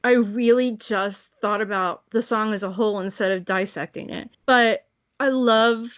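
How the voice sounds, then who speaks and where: A woman's voice: mid-range voice, moderate pace, no room sound. A woman co-hosting a fan podcast, chatting casually and animatedly, swearing and laughing often. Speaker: podcast co-host. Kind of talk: casual chat.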